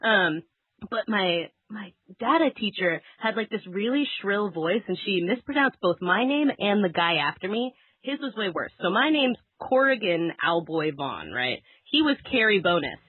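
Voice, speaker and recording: A young woman chatting as a podcast co-host, giggly and full of filler words. Her pitch swings widely as she talks. The sound is dry and thin, like a phone line. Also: very animated, normal speed, slightly rough, dry recording. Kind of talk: casual chat.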